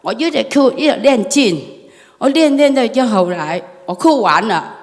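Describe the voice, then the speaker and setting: A woman's voice: fairly high pitch, expressive, unhurried. Rambling woman telling a story in a hall. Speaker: student asking a question. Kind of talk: emotional personal account. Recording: long hall reverb.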